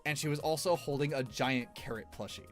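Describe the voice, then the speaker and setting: A man's voice: a little high, a little fast, soft background music. A man streamer giving rambling, casual tier-list commentary, laughing often between fillers.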